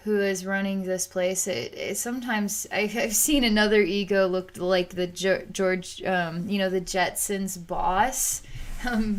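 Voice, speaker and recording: A woman psychic reader narrating a vision as it unfolds, in a halting, searching way with frequent restarts, soft and low-key, rising in pitch when she describes anger.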